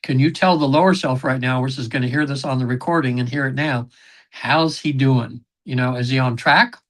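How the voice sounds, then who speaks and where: A man talking at a middle pitch, rambling through stories with lots of "you know" and "um". He clears his throat often and acts out what other people said. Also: steady tone, brisk, fairly bright tone. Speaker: podcast guest, regression session facilitator. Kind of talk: casual interview storytelling.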